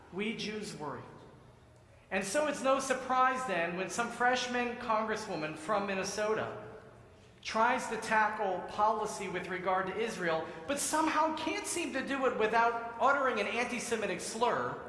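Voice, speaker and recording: A man's voice: sits high, pushed and bright. A man, a rabbi, giving a sermon in a synagogue sanctuary, telling jokes in a preacher's rhythm. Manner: joke-telling preacher, quoting voices in a punchline rhythm. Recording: echoey sanctuary with long reverb.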